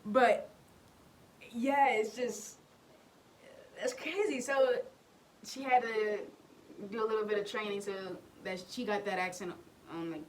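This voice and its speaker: A woman's voice: on the high side, measured pace, pauses often, a little hiss or hum. A young woman from Oklahoma with a Southern US accent, hosting a reaction video in an easygoing, rambling way full of fillers. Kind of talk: casual reaction commentary.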